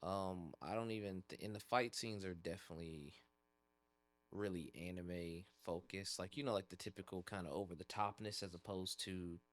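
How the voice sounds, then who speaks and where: A man co-hosts a podcast with a low voice at normal speed. He chats about anime and games in a laid-back, rambling way, using loose slang.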